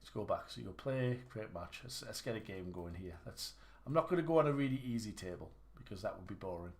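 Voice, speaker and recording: With lively intonation and a fairly quick pace, a man with a fairly low voice chats through his snooker livestream. He mocks his own play casually, rambling and restarting as he goes.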